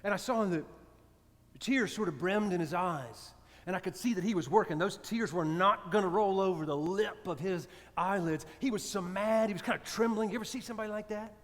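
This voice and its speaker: Male priest, high-pitched, chatty storytelling sermon that goes hushed, reverberant sanctuary. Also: brisk. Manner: conversational, drops to soft hushed tones. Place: church sanctuary.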